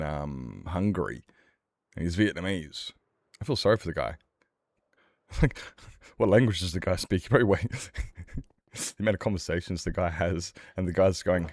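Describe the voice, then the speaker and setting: A man's voice: deep voice, a little mellow, dry recording, clean studio sound. A man streaming a game, rambling and joking as he talks back to his chat. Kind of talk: casual livestream chat while gaming.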